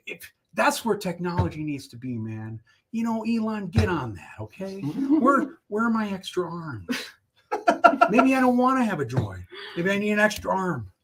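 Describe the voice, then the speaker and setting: A man's voice: sits high, a little hiss or hum. A man hosting a livestream in a playful, theatrical way, joking through a mock art critique. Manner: goofy, theatrical, swings from loud declaiming to mumbling. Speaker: livestream host.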